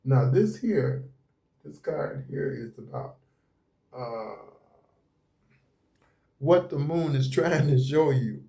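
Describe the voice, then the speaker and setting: A man's voice: medium pitch, lively intonation, slow, creaky, long pauses, mellow. A man giving a casual, rambling tarot reading at a table, speaking in a folksy way and repeating himself often. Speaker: tarot reader. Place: indoors at a table with cards laid out.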